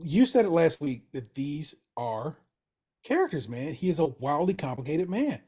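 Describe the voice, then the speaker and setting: A podcast co-host recapping a TV show in loose, profane slang. The voice sits at a middling pitch but swings animatedly up and down through each retelling. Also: very animated, moderate pace, warm tone, slightly rough. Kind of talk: casual chat recapping a TV show.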